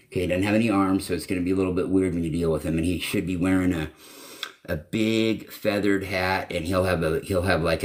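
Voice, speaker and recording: Deep-voiced man rambling on a livestream. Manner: rambling, profane storytelling with acted-out quotes. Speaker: channel host. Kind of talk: casual live-stream talk.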